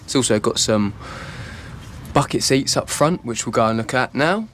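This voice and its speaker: An eager man strolls around an outdoor car show, chatting casually with slangy enthusiasm. His medium-pitched voice is fairly bright and lively at a moderate pace, though a little worn, as if he's starting to lose it.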